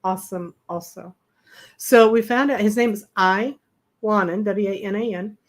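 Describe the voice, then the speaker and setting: A middle-aged woman co-hosting a travel live stream, telling stories in a lively, animated way and acting out the people she quotes. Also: moderate pace. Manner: animated, acts out quoted voices with big pitch jumps. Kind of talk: casual storytelling chat.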